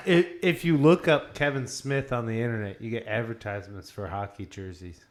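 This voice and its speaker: A man's voice: medium pitch, fairly quick. Man chiming in during a casual chat. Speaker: podcast co-host.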